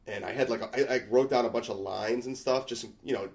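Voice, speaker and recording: A man's voice: mid-range voice, fast, vocal fry, a little mellow. A middle-aged male comedian telling a rambling, self-mocking story in casual conversation. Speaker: stand-up comedian guest.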